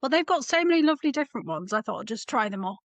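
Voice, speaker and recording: A woman's voice: a little high, sing-song, racing, dry recording. A woman co-hosting a podcast, chatting in a teasing, playful way. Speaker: podcast co-host, former MP. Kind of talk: casual chat.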